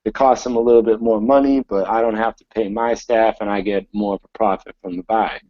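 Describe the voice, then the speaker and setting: A man voicing a hotheaded bar manager who shouts and then stammers nervously, in a tabletop game. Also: on the low side, fairly even intonation, brisk, dry recording, lo-fi sound, lightly acted. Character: panicky loud male bar manager, hothead.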